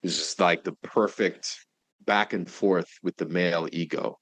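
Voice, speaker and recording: A young man talking casually as a podcast guest, animated and swearing, with many fillers. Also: deep voice, measured pace. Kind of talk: casual conversation.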